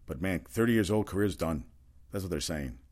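A man's voice: sits low, animated, brisk, darkish tone. A man giving a casual, rambling solo rundown of sports news, opinionated and full of fillers and restarts. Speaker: sports talk host.

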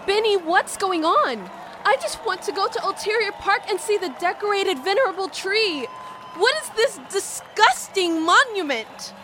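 A woman voicing a passionate, indignant female marmot activist in an audio story, speaking in a shrill, distraught way. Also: very animated, a little slow, pauses often, background noise, exaggerated voice.

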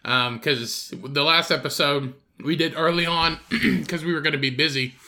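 A man's voice: on the high side, normal speed, pushed and bright. A young man hosting a casual podcast, telling rambling, profane stories. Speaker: podcast host. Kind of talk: casual chat.

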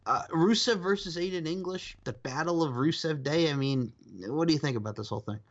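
A man's voice: fairly high pitch, fairly quick. Rambling man host, dull lo-fi sound. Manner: animated, rambling, swears and laughs often. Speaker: podcast host. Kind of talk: casual chat.

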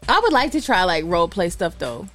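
A woman's voice: lowish voice, sing-song, a little fast, fairly bright tone, faint music behind. A woman co-hosting a casual chat, blunt and teasing, laughing often.

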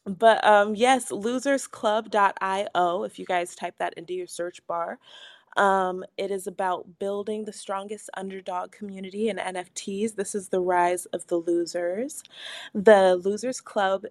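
A young woman co-hosting a casual podcast, animated and quick to laugh, swearing freely as she talks. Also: medium pitch, dry recording, clean studio sound. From Pacific Northwest of the US. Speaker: podcast co-host.

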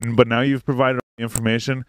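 A man's voice: mid-range voice, flat delivery, very fast, fairly bright tone. A man hosting a podcast in casual chat, rambling, swearing often and laughing easily. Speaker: podcast host. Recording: faint hiss.

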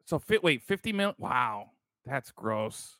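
Bright-voiced man riffing on football. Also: mid-range voice, sing-song, slow pace, no room sound. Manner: rambling, swears freely, calls people bro. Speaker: podcast co-host. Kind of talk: casual sports chat.

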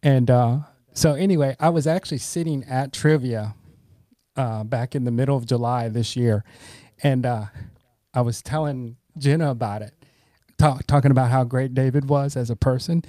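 A man's voice: medium pitch, fairly even intonation, moderate pace, dark tone, no echo. A middle-aged man, a podcast guest, telling earnest, rambling anecdotes and often saying "you know". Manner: earnest, grateful tone. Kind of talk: conversational storytelling.

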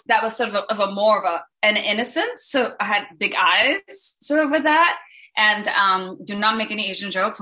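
A woman from Singapore, a voice actress, answering fan questions with lots of energy. Her voice is bright and forceful, and she rambles through restarts and fillers. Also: mid-range voice. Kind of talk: panel Q&A answers.

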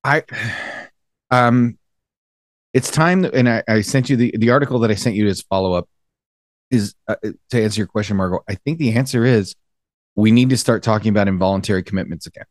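A man's voice: on the low side, fairly quick, dry recording, studio quality. A man co-hosting a casual podcast, making his points with repeated phrases in an opinionated way. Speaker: podcast co-host.

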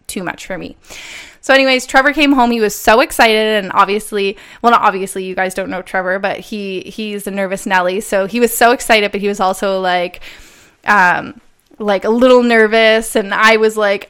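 A young woman tells a personal story in a loose, chatty vlog style. Her voice is smooth and clear at a middling pitch. She fills her sentences with fillers and laughs often as she talks. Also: fairly bright tone. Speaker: vlogger. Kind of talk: casual storytelling.

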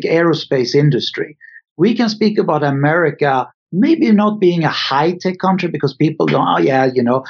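Scandinavian-accented man, slightly high voice. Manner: thoughtful, hesitant, with restarts. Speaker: guest, car designer. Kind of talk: podcast interview answers. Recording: dull lo-fi audio.

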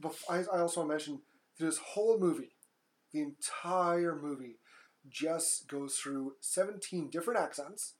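A woman's voice: low-pitched, moderate pace. A woman casually recapping a movie on a podcast, blunt and swearing freely as she mocks the characters. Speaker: podcast co-host.

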